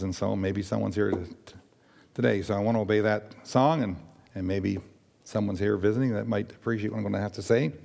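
Older man, raspy, halting church testimony, many fillers, long hall reverb. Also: mid-range voice. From Nova Scotia. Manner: rambling, halting storyteller with many fillers and restarts. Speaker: church member giving testimony. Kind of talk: personal testimony to a congregation.

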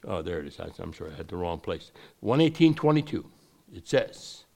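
A man teaching from scripture in a conversational way, reading verses slowly and then explaining them in quick asides. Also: deep voice, big pitch swings, vocal fry, darkish tone. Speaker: preacher. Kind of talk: Bible teaching.

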